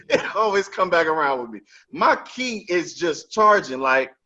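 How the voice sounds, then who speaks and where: A male podcast host telling a story in emphatic, profane, casual talk. His voice is on the high side and moves a lot in pitch. The sound is dull and lo-fi. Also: very animated, a little slow, bright, forceful tone.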